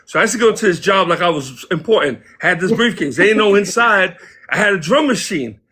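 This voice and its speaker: A man guest casually telling stories from his past in an interview, animated and acting out the people he quotes. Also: high voice, brisk, breathy edge. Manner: animated, acts out quoted voices. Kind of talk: casual storytelling.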